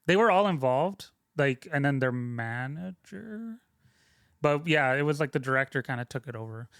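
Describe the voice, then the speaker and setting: A young man rambles casually through career stories, stopping and restarting with plenty of fillers. His voice sits at a middle pitch. The recording is dry and close. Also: expressive, normal speed, gravelly, fairly bright tone, clear, resonant tone, no room sound. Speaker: guest, film sound mixer. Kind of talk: casual interview storytelling.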